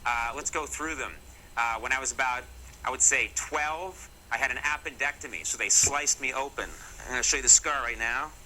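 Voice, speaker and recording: A middle-aged comedy show host from Massachusetts, USA, tells stories to camera in a jokey, mock-serious segment with wry asides. His voice is medium-pitched, moderately paced and sharp in tone, on a rough recording with slight background noise.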